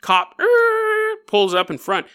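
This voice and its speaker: A man hosting a paranormal news podcast, telling stories in an animated, jokey way and acting them out. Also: very high-pitched, slow pace. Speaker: podcast host. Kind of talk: comedic paranormal news monologue.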